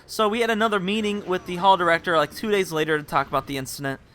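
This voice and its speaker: A man's voice: sits high, fairly even intonation, fast, pushed and bright, a little hiss or hum. A young man telling a rambling, casual story to his viewers and laughing at himself. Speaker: vlogger.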